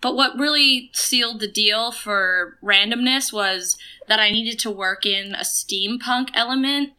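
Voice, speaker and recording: Bright-voiced young woman, chatty guest. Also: fairly high pitch, smooth. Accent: New England. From Portland, Maine. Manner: chatty, laughing, quick asides. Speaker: podcast guest. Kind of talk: casual chat.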